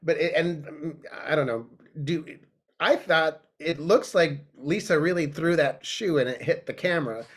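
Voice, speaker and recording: A man's voice: fairly high pitch, normal speed, slightly rough. A man who is a guest on a casual podcast chat, talking in a musing way that rambles and trails off.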